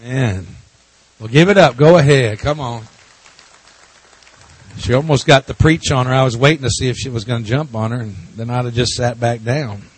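Husky, folksy man preaching. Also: mid-range voice, normal speed. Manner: folksy, jokey storytelling with laughs. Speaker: pastor. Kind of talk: church talk to a congregation.

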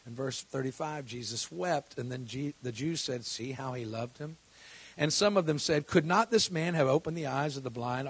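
A pastor preaching in a fairly high voice. He talks from quiet, joking asides up to loud, emphatic preaching and hammers phrases by repeating them. The recording is close and dry. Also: breathy edge, dry recording. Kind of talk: sermon.

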